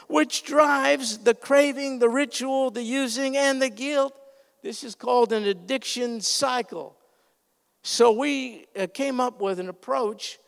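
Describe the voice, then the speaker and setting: Male pastor, high raspy-edged voice, fervent preaching, long reverb of a sanctuary. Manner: earnest, emphatic preaching with sudden loud swells. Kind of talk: sermon. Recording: reverberant hall sound.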